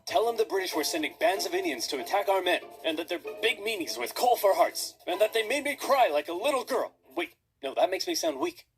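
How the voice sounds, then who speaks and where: A man's voice: high voice, expressive, fairly quick, hardly any pauses, music in the background, pitched above the performer's own voice. A man playing a whiny, boastful army general. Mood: whining. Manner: whiny, self-pitying.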